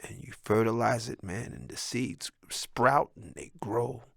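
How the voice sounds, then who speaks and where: A middle-aged man talks through his memories in a loose, rambling, heartfelt way, tacking "man" onto his thoughts. His voice sits at an ordinary middle pitch. The recording is dry, with no room sound around him. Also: measured pace, creaky, a bit bright, dry recording. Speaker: son of a musician, telling life stories. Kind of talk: casual personal storytelling.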